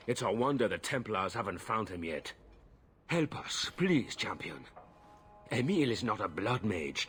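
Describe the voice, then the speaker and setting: A man's voice: fairly low pitch, a bit bright. An actor voicing a worried, stern noble father pleading for his son in a video game. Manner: pleading, exasperated.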